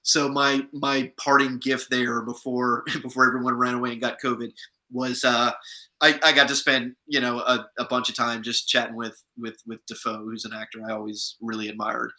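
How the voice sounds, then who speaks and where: A man's voice: mid-range voice, level tone, moderate pace, pushed and bright, poor audio. A man, an actor guest in an interview, chatting through anecdotes from set with many restarts. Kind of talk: casual interview storytelling.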